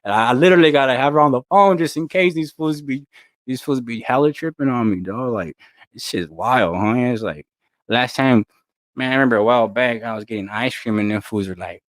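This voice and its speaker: A young man from talks loosely to his viewers, full of street slang and rambling asides. His voice sits at an ordinary middle pitch and is recorded close and dry, with no room sound. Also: a little fast, no room sound. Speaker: channel host. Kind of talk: casual chat to camera.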